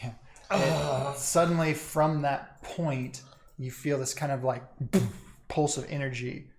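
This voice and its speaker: A game master narrating a tabletop game, halting with fillers and laughing often. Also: mid-range voice, fairly even intonation, creaky, slight background noise.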